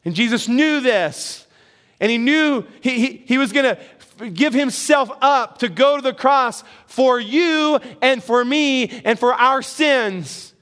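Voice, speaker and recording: Middle-aged pastor guy w a really high voice, chatty sermon, throws questions at the crowd, pokes fun at himself. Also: slow, fairly bright tone, clear, resonant tone. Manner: conversational, asks the congregation questions, self-deprecating humor.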